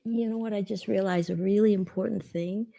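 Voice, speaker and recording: A woman in a reflective spiritual conversation, speaking slowly in soft, half-whispered phrases. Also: medium pitch, fairly even intonation, gravelly. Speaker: participant in the session.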